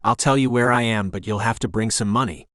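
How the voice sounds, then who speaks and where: A man's voice: fairly low pitch, fairly quick, a bit bright, dry recording, studio quality, lightly acted. A man voicing a frightened, battered young man who pleads vulnerably in an audiobook. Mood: pleading.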